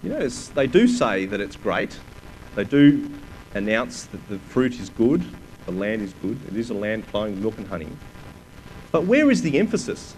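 A man's voice: fairly low pitch, sing-song, moderate pace, a little mellow, slight background noise, low-quality recording. A man preaching a sermon, reading scripture aloud with emphasis and putting rhetorical questions to his listeners.

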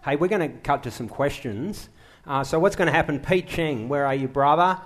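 A man's voice: fairly high pitch, moderate pace. A man hosting an on-stage interview and encouraging questions from the audience. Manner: encouraging, brief affirmations. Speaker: interviewer and event host.

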